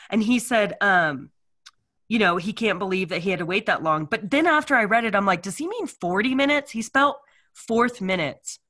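A middle-aged woman co-hosting a casual chat, talking in a chatty, halting way with many fillers. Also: mid-range voice, bright, forceful tone. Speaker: co-host. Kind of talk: casual chat, reading reviews aloud.

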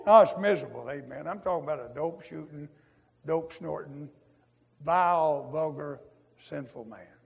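A preacher's testimony in a high, gravelly voice, his folksy drawl carrying a long echo off the hall. He swings from loud to hushed and keeps tossing in "amen.". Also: moderate pace. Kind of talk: testimony sermon. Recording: echoey hall.

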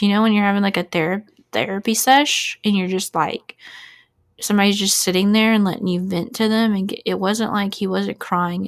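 A woman in her thirties hosting a casual true-crime chat, talking loosely with lots of "like" and fillers. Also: mid-range voice. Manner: chatty, filler-heavy, "like" after every few words. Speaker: podcast host.

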